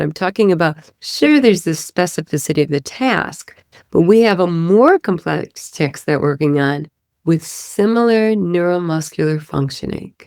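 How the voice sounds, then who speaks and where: A woman's voice: lowish voice, a little mellow, dry recording, clean studio sound. A woman speech-language pathologist explaining a therapy method, demonstrating sounds and checking in with "right?". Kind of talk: teaching podcast explanation.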